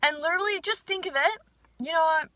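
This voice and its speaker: A woman's voice: very high-pitched, fairly quick, bright, forceful tone, no echo. A young woman vlogger chatting casually to her viewers, full of fillers, casual swearing and hype. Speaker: manifestation vlogger.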